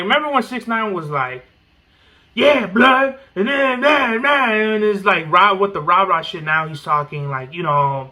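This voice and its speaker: A man's voice: sits high, pushed and bright. A man hosting a podcast in rambling, profane casual chat full of slang. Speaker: podcast host.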